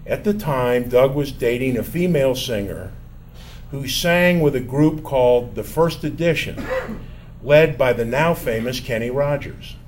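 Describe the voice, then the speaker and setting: An older man telling a personal story from his college years in a measured, wry, self-mocking way. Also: medium pitch, slight background noise.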